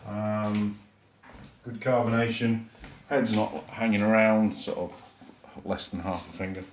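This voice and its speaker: A man's voice: lowish voice, little pitch movement, unhurried, noisy background. Chatty Yorkshire man reviewing beer. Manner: chatty, self-deprecating, rambling with fillers. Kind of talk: casual beer review vlog. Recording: echoey room.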